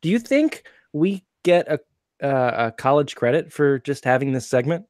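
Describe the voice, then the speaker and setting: A man's voice: mid-range voice, animated, normal speed, dry recording, studio quality. A man hosting a casual podcast, teasing his co-host and laughing often. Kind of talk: casual chat.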